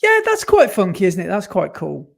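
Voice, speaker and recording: A man's voice: high voice, wildly swooping pitch, moderate pace, gravelly. A man co-hosting a casual podcast, chatty and rambling, often correcting himself mid-sentence. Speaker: podcast co-host. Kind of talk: casual chat.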